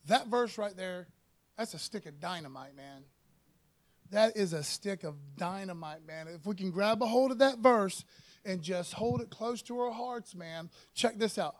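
High-voiced folksy male preacher. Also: lively intonation. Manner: folksy, keeps adding "man" and "amen"; slows down and gets louder to read scripture. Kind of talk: sermon.

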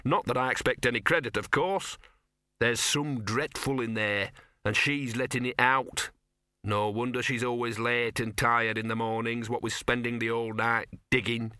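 A man's voice: mid-range voice, fairly even intonation, normal speed, bright, forceful tone, smooth, dry recording, studio quality, close to an everyday voice. A man voicing a scruffy little talking dog who grumbles, sulks and talks smugly. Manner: grumbling, smug, self-pitying.

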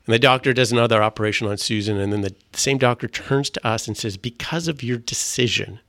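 A man's voice: lowish voice, fairly even intonation, a bit bright, no echo. A middle-aged man, earnestly telling his faith testimony in a conversation, often restarting his sentences. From Canada. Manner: earnest, halting, with frequent restarts. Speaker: guest sharing a faith testimony.

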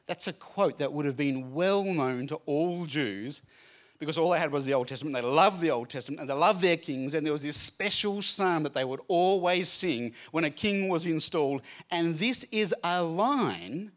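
A man giving a lively Bible talk to a live group, chatty and jokey, acting out the scenes as he goes. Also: a little high. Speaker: speaker at a student Bible training night. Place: room with a live audience.

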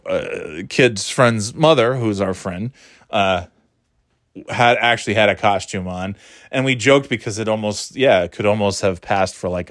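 A middle-aged man tells a story in a loose, rambling way, full of fillers, restarts and self-deprecating asides. His voice sits on the low side. The recording is dry and close, with no room sound. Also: fairly bright tone, no echo. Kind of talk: casual storytelling.

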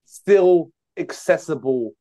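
A man's voice: a little high, expressive, slow pace, mellow, dry recording, studio quality. A Scottish man hosting a podcast, chatting casually and running a quiz in a joking manner. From Scotland. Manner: jokey, bursts into mocking impressions. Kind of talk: casual chat.

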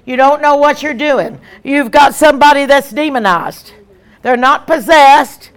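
A woman evangelist, preaching an emphatic, animated sermon with repeated lines. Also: high-pitched, a little slow.

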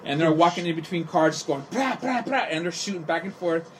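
Profane middle-aged storyteller from California. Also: male voice, a little high, level tone, fast, slight background noise. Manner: rambling, profane, heavy on "you know". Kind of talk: casual podcast storytelling.

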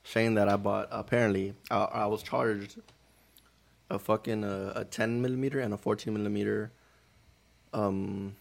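A man with a low, gravelly voice tells stories in casual podcast chat. His talk is slangy and laced with cursing. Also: level tone, normal speed. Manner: slangy, profane storytelling. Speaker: podcast co-host.

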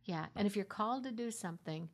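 A middle-aged woman minister telling her story in a heartfelt conversational way, sinking into a soft half-whisper at tender moments. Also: mid-range voice, animated, quick pace.

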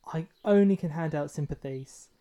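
On a book podcast, a male co-host with a fairly high, dark-toned voice talks at a normal speed, though the recording sounds muffled. His speech is casual and loose, hesitant and full of restarts and fillers.

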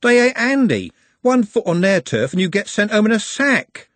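A man's voice: fairly high pitch, wildly swooping pitch, moderate pace, fairly bright tone, dry recording, pitched above the performer's own voice, exaggerated voice. A man voicing a blunt, hot-tempered young street lad who snaps exasperated retorts in an audiobook.

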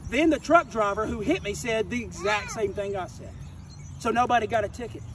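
Man, very high voice, emphatic confrontational preacher, repeats phrases, distant mic, faint background noise. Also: a little fast, a bit bright. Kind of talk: informal sermon. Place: outdoors near a wrecked car.

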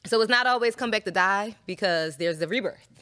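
A woman from Philadelphia talking as a podcast guest in casual chat, candid and emphatic, slowing down to stress her points. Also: medium pitch, pushed and bright, smooth. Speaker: podcast guest, former dancer.

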